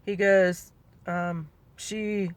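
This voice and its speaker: A woman's voice: mid-range voice, level tone, very slow, dry recording. A middle-aged woman telling a personal family memory in a rambling, conversational way that keeps correcting itself. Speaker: family storyteller. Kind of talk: personal oral-history recollection.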